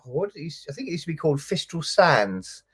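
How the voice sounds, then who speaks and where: A man's voice: a little high, big pitch swings, fast, husky. A man, a police officer co-hosting, chatting casually over a video call in an easygoing, hesitant way with plenty of fillers. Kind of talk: casual chat.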